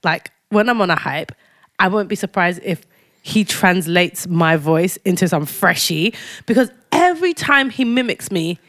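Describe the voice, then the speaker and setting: A woman's voice: on the low side, lively intonation, a bit bright, dry recording, studio quality. A woman co-hosting a casual podcast with her husband, bantering and protesting his teasing. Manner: playful, indignant protests, quick comebacks. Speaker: podcast co-host.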